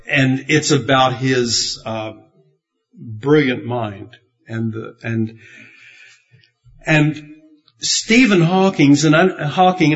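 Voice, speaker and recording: Male pastor, unhurried folksy sermon delivery with chuckles, lo-fi sound. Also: medium pitch. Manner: rambling, good-humored storytelling with chuckles. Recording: dull, muffled lo-fi sound.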